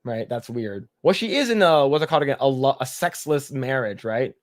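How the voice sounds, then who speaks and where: A man's voice: mid-range voice, expressive, brisk, no echo, clean studio sound. A man hosting a casual podcast, reading chat comments aloud and rambling with frequent swearing and laughter. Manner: rambling, profane, laughs often.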